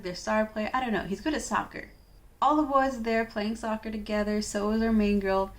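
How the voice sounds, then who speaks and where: A young woman casually recapping a manga she just read. She talks in a loose, chatty way, with plenty of fillers. She drops in wry, offhand asides as she goes. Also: mid-range voice. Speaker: manga reviewer.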